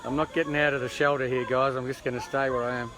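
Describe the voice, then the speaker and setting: A man's voice: mid-range voice, little pitch movement, fast. An Australian man livestreaming from a street, talking casually and rambling to his viewers with jokey asides. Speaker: livestreamer at a protest. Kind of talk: casual live stream chat. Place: outdoors on an urban street. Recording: noisy outdoor street recording.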